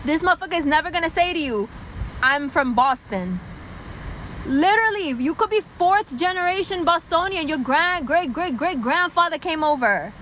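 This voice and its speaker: A woman podcast host on a brash, profane comedic rant, mocking people and dropping into low put-on voices to quote them. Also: expressive, a little fast, few pauses, fairly bright tone, a little hiss or hum, rough recording.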